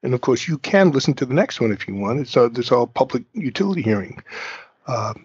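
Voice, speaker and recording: A man's voice: medium pitch, very animated, brisk, darkish tone, slightly rough, no echo, highs cut off. Male host, informal explainer, dry close sound. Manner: chatty, informal, explains step by step with asides. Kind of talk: conversational explainer, interview intro.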